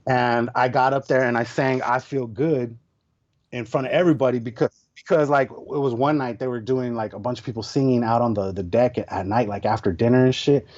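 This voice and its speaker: A man guest on a podcast, telling a story in a casual, slangy way, swearing often and acting out other people's lines. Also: medium pitch. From Tucson area, United States. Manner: animated, slangy, swears a lot, mimics others loudly. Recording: dull lo-fi podcast audio.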